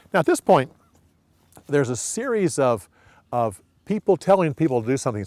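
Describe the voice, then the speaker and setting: A man's voice: medium pitch, no echo. A man teaching a Bible story with hand gestures, repeating each part and acting out short quoted lines. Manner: repetitive, steady, acts out short quotes.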